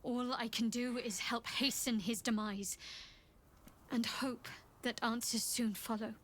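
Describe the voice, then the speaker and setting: A woman voicing a guarded young female cleric in a video game, speaking in a measured, restrained, somber way. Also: on the high side, steady tone, a bit bright.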